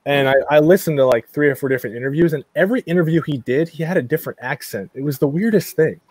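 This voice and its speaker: Quick talking guy rambling on a podcast, dry close sound. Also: on the high side, a little mellow, breathy edge, dry recording. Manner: rambling, self-interrupting. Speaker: podcast co-host. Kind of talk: casual chat.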